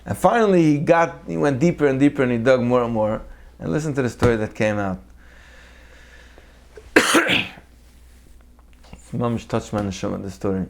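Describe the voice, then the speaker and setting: Animated male Torah storyteller. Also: medium pitch, moderate pace, gravelly, pauses often. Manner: animated storyteller who acts out the people in his tales. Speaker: Torah teacher. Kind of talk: weekly Torah talk with storytelling.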